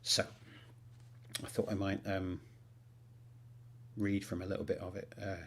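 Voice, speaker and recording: A man's voice: deep voice, flat delivery, a little slow, gravelly, a bit bright, slight background noise. A male author on a livestream, rambling with many fillers, talking about writing and then reading aloud.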